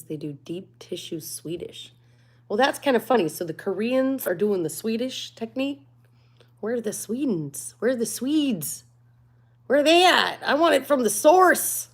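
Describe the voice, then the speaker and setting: A woman's voice: mid-range voice, lively intonation, moderate pace. A woman hosting a casual livestream, chatting candidly and laughing often. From United States. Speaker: livestream host.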